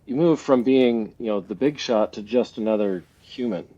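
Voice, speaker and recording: Warm in tone and mid-range in pitch, this fortysomething Canadian guest talks at a moderate pace. He muses in a relaxed interview, frequently laughing and starting his thoughts over, and the lo-fi recording sounds a bit dull.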